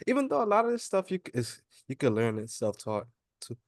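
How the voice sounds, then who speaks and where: A man's voice: medium pitch, huge pitch swings, fairly quick, dry recording. A man hosting a podcast, asking loose, rambling questions in casual slang with frequent restarts. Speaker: podcast host. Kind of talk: casual interview.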